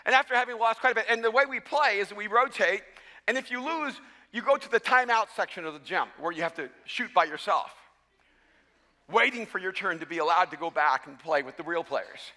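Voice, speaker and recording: A man's voice: high voice, lively intonation, brisk, sharp tone. A man in his fifties or older preaching a sermon, telling stories with self-deprecating humor and frequent restarts. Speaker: pastor. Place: large church auditorium. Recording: long reverb of a large hall.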